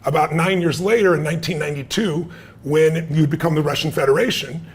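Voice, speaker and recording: A middle-aged American man, an interview guest, telling stories in an emphatic, energetic way. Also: a little high, brisk, slightly rough. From United States. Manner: emphatic and energetic, with repeated short sentences. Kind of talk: animated storytelling in an interview.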